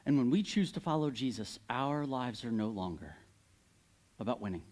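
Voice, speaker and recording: A man preaching a sermon, candid and animated, retelling a Bible story with occasional laughs. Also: mid-range voice, moderate pace.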